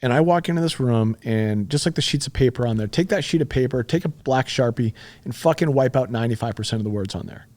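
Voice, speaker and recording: A man in his fifties talks as a podcast guest, recounting events in plain, heated, profane language. His voice sits at an ordinary middle pitch, and his manner is direct and unpolished. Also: fast talker, a little mellow. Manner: blunt and profane, retelling events with heat. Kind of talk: conversational storytelling.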